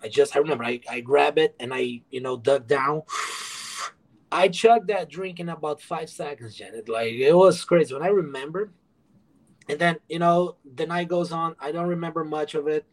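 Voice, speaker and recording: Recorded in low quality, a man speaks at a moderate pace in a somewhat high voice. As a podcast guest, he candidly recounts, with swearing and acted-out dialogue, how he came to the USA from another country.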